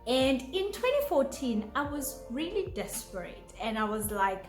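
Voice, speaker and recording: A young South African woman vlogging to camera, bubbly and giggly, with sudden high exclamations. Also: very animated, a little slow, hardly any pauses, reverberant, faint music behind. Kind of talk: casual chat to camera.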